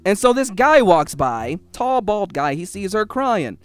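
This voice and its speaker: A man's voice: high voice, measured pace, clean tone, soft background music. A young man telling a personal story in a casual, heated and profane way. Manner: heated, profane, animated retelling.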